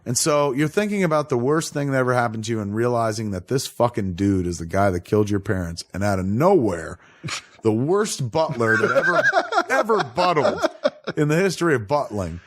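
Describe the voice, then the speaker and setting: Male podcast host, mid-pitched, animated delivery, swears freely while riffing. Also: brisk. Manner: profane, rambling, laughing riffs. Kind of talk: casual commentary chat.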